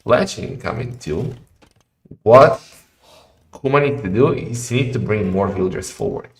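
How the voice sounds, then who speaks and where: A man casting a live strategy game match in a chatty style that rises to excited shouting in fights. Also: on the low side, a little fast, vocal fry. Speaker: game caster. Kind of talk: live esports commentary. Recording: roomy echo with faint music.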